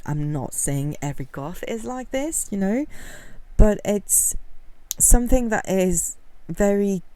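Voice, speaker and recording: A woman giving casual talking-head commentary for a video essay, candid and rambling, with many fillers and soft laughs. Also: medium pitch, expressive, slow pace, dry recording.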